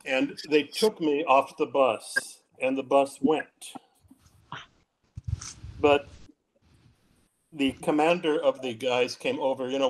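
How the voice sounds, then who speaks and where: An older man speaks as a guest on a discussion panel. His voice sits at an ordinary middle pitch. He tells his story in a vivid, animated way and acts out the quotes. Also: takes it slowly, long pauses. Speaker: panel guest recounting captivity.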